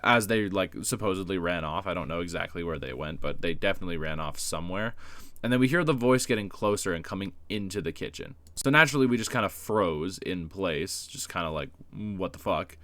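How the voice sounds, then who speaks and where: A man's voice: low voice, lively intonation, brisk, bright, forceful tone, no echo. A man telling a personal story in a casual vlog, rambling with lots of fillers and swearing, self-deprecating. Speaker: YouTuber.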